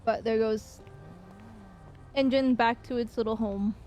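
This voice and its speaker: A woman game streamer in casual chat with her viewers, loose and chatty, swearing and pausing with fillers. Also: fairly high pitch, steady tone, a little mellow, faint music behind.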